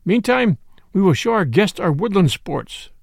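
A man's voice: sits high, big pitch swings, vocal fry, dry recording, clean studio sound, full character voice. A man doing a jolly outlaw chief, mock-solemn. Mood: mock-grave. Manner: solemn mock gravity, slow. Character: jolly, mock-grave young male outlaw leader.

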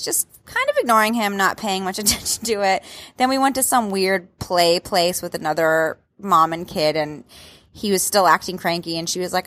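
A woman's voice: medium pitch, moderate pace, fairly bright tone, dry recording. A woman in her thirties, co-hosting a casual chat, telling stories with animation and laughter. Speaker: podcast co-host.

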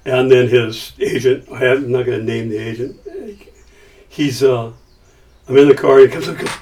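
A man's voice: mid-range voice, moderate pace, pauses often. A middle-aged man casually recounting a business story, acting out the quoted voices as he goes. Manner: animated, acts out quoted dialogue. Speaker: company founder telling a story. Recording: voice somewhat far from mic.

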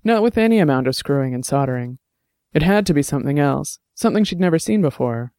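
A man voicing a rapidly aging, gruff old former bruiser who talks bluntly and wryly. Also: on the high side, expressive, darkish tone, no room sound, studio quality. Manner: blunt, salty, wry.

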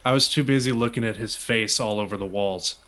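A man co-hosting a casual podcast chat, playful and quick to chuckle as he poses questions. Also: fairly low pitch, a bit bright. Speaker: podcast co-host.

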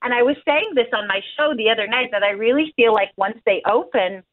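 A woman guest talks loosely and laughingly, her sentences strung together with "like". Her voice sits slightly high. It comes through a narrow, tinny phone line. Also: a little fast. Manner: chatty, laughs often, many "like" fillers. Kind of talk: casual chat. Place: at home in the UK.

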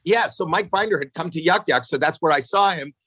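A man in his sixties telling stories casually on a podcast, animated, jumping into acted-out quotes, swearing freely, often restarting his sentences. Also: a little fast, husky, no room sound, rough recording. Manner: animated, acts out quotes with jumps in pitch. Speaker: podcast guest. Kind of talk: casual storytelling chat.

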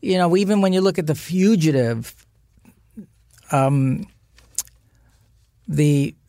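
An older man who is an actor guest speaks slowly, his voice on the high side, with no room sound in the podcast studio. Chatting casually, he relates lively anecdotes and mimics the voices of the people he quotes.

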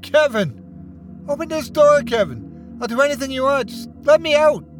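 A man doing a trapped man, desperate pleading, higher strained voice, lively swings in pitch. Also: normal speed, soft background music. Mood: screaming panic. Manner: pleading, rising to frantic screams.

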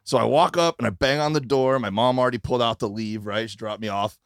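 A man, a podcast guest, telling a story in casual chat with lively delivery. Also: mid-range voice, fast talker, gravelly, clean tone, dry recording, clean studio sound. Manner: animated, acts out voices in his stories.

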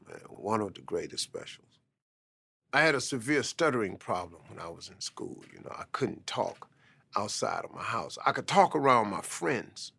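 A man tells his life story in a motivational style, leaning on "man" to drive his points home. His voice is gravelly and forceful, and he delivers with emphatic conviction. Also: mid-range voice. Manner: emphatic, repeats "man" for stress. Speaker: speaker telling a life story.

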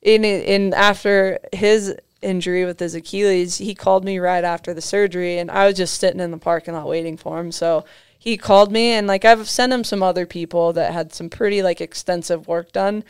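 A woman's voice: on the low side, steady tone, fairly quick, clean tone, no echo, studio quality. A young woman, a guest on a podcast, chatting casually and telling stories, with lots of "like" fillers and frequent laughs. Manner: storytelling, heavy use of "like" fillers, laughs often. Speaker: podcast guest, motocross racer. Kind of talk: casual chat.

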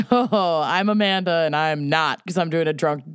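A woman's voice: low-pitched, normal speed, smooth, no echo, clean studio sound. A young woman, co-hosting a podcast in casual chat. She is playful and laughs a lot. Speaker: podcast co-host.

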